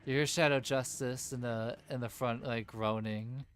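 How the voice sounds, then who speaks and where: A man's voice: medium pitch, steady tone, normal speed, slight background noise. A man narrating as game master of a tabletop game, rambling with many fillers.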